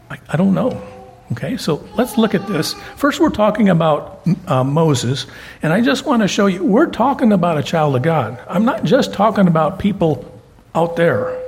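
A man's voice: a little high, creaky, darkish tone, slight background noise. An older man preaching a sermon as pastor, telling folksy stories and often repeating words as he goes.

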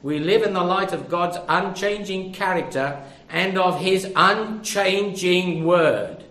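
A man's voice: high-pitched, slow, a bit bright. An older man preaching a sermon, conversational and full of rhetorical questions.

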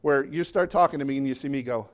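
A man's voice: mid-range voice, quick pace. A middle-aged man preaching a sermon in a conversational way, often asking the listeners questions. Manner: conversational, asks the audience questions.

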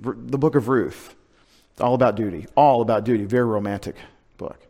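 A man's voice: medium pitch, brisk, a little mellow. A male pastor, preaching a conversational sermon with joking asides to his congregation.

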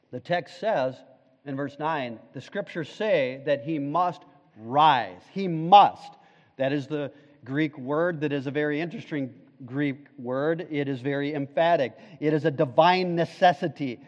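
Slow, emphatic preacher in a reverberant hall. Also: male voice, highs cut off. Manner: emphatic preaching, swinging from loud urgent peaks to quiet low asides. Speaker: pastor. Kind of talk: sermon. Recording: long reverb of a large hall.

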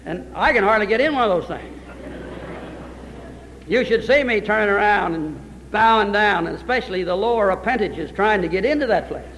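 A male pastor preaching a sermon, telling stories in a folksy, animated way. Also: high voice, normal speed. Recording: reverberant church hall.

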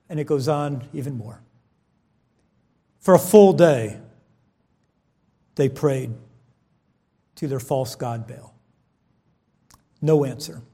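High-voiced preacher with dramatic swings. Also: male voice. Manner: dynamic, swings from loud emphatic to quiet; reads scripture aloud in King James wording. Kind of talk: sermon.

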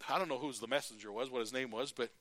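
A man preaching a sermon, retelling a Bible story and acting out its characters in lively, conversational bursts. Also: mid-range voice, quick pace, dry recording. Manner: animated, acts out the Bible characters in his retelling.

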